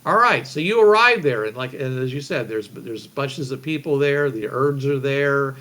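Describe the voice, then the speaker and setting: A man's voice: medium pitch, lively intonation, normal speed, pushed and bright, a little hiss or hum. A man running a tabletop game as game master, rambling with many fillers and restarts.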